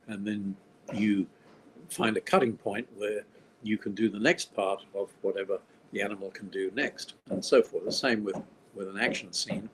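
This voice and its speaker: A man's voice: lowish voice, slight background noise, low-quality recording. An older man from Australia, a film director being interviewed, talking in a rambling way with dry, wry humor. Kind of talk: casual interview conversation.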